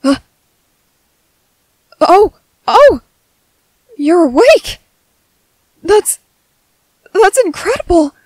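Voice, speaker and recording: Whispered role-play: a woman playing a nervous, gentle young soldier boy, slow and soft, a bit high. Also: no echo, poor audio. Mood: startled relief. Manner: soft, fretful, over-apologetic. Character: anxious young male soldier, gentle medic.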